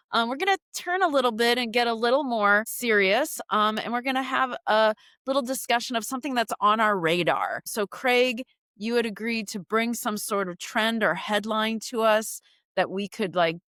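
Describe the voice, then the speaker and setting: A woman's voice: medium pitch, fairly bright tone, no echo. Female podcast host, upbeat and playful, middle register, dead-dry recording. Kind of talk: casual podcast chat.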